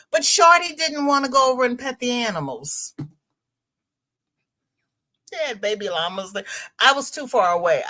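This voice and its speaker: Her medium-pitched voice sounds pushed and bright. A middle-aged livestream host, she chats loosely and rambles between calling out greetings to viewers by name.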